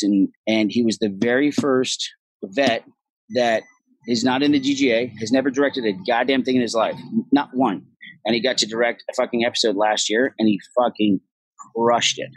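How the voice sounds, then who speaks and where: An actor appears as an interview guest, telling stories in a casual, animated, profane way and acting out what other people said. His voice is lowish and husky, on a dry recording with poor audio.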